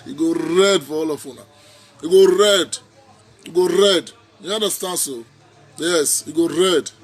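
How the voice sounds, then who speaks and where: A man with a Nigerian Pidgin accent giving a preachy, repetitive, mocking political rant in a casual vlog. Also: a little high. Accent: Nigerian Pidgin English speaker. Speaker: social media commentator.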